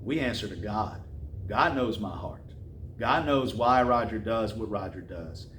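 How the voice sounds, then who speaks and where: A man's voice: on the low side, a bit bright, a little hiss or hum. Man preaching in a roomy space. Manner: reads scripture slowly, then retells it in casual slang. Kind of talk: sermon with scripture reading.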